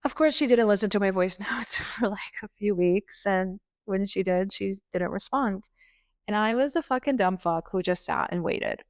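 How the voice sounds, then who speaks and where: A young woman hosts a podcast, talking straight to the listener in a raw, exasperated monologue peppered with swearing. Her voice is smooth and clear, sits at an ordinary middle pitch, and is recorded close and dry with no room sound. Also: moderate pace, no echo. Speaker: podcast host. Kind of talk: personal monologue.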